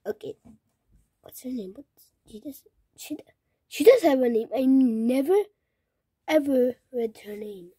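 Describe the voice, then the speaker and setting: A young female vlogger shows off her stuffed animals in an excitable, gushing way. Her voice is high and breathy, mellow in tone. She talks slowly and keeps dropping into soft whispers. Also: no echo, clean studio sound. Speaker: toy collection vlogger. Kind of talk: casual toy show-and-tell, often whispered.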